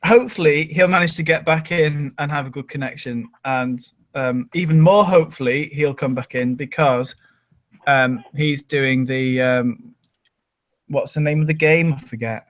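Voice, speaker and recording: A man's voice: a little high, normal speed, fairly bright tone, dull audio. A man hosting a casual online group chat, chatty and self-mocking, with plenty of ums and laughs. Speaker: podcast host.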